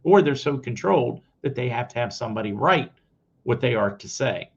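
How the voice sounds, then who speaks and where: Opinionated guy doing his own news commentary, blunt, mid-pitched, kinda dull lo-fi sound. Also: expressive, moderate pace, gravelly, breathy edge. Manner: blunt, opinionated, talks straight to viewers. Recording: slightly dull lo-fi audio.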